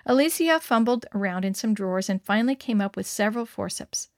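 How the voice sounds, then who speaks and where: Expressive woman reading a story aloud. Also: medium pitch, a little fast, few pauses, no room sound, clean studio sound. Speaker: narrator.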